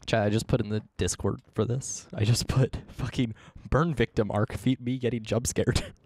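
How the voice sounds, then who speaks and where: A man's voice: mid-range voice, steady tone, moderate pace, darkish tone. A man streaming a game, rambling casually to his chat, swearing and laughing at himself. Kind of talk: casual livestream commentary.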